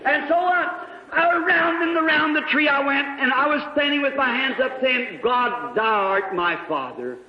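A man with a strikingly high voice preaches to a gathering, telling a story and breaking from quiet asides into shouts. The sound is dull and old, carried by the long echo of a large hall. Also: lively intonation, moderate pace, few pauses. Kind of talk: sermon. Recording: echoey hall, muffled old recording.

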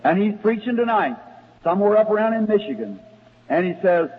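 A man preaching in a folksy, storytelling way, his voice a little husky and somewhat high. The old recording sounds tinny and phone-like, with a long reverb from a large hall. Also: normal speed. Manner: folksy storytelling preacher, rises to excited shouting. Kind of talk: sermon storytelling.

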